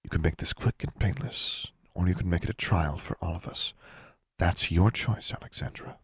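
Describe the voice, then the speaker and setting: A man voicing a calm, stern older witch inquisitor in an audiobook, speaking in an even, measured tone. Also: low voice, husky, no room sound, clean studio sound. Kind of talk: audiobook narration.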